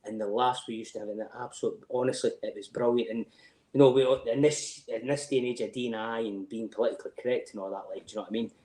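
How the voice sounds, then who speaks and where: A man's voice: medium pitch, steady tone, quick pace, warm tone, echoey room, low-quality recording. A middle-aged Scottish man telling rambling, sweary stories as a podcast guest, often asking "do you know what I mean". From Scotland. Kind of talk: casual chat.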